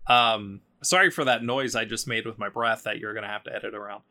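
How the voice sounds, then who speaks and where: A man talking casually on a podcast, retelling a story with frequent ums and likes. His voice has a bright, clear tone. He meanders and lightly acts out the characters' lines as he goes. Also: lowish voice, fairly even intonation, fairly quick. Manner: chatty, full of ums and likes, voices quotes loosely.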